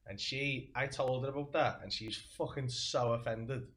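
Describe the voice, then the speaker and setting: A man's voice: medium pitch, moderate pace, a bit bright, a little hiss or hum. Swearing Liverpool man telling stories. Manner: rambling storyteller, heavy swearing, acts out quoted voices. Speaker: podcast host. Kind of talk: casual podcast chat.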